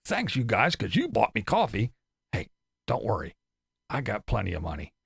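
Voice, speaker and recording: A man's voice: on the low side, wildly swooping pitch, normal speed, gravelly, breathy edge, no echo, clean studio sound, voice pushed down, full character voice. A man mocking someone by putting on the voice of a whiny, self-pitying older van dweller who complains and curses. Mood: smug.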